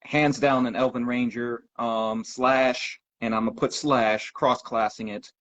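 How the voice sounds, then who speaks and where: A man talking casually as a podcast guest, pausing often with ums. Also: mid-range voice, fairly even intonation, fairly bright tone. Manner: halting, many ums. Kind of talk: casual conversation. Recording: dull lo-fi audio.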